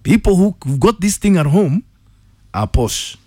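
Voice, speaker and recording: A Kenyan man hosting a morning radio quiz, playful and upbeat. His pitch leaps around with lots of life. He's recorded dry and close on a studio microphone. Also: unhurried, no room sound. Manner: upbeat, playful, lively greetings. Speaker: radio host.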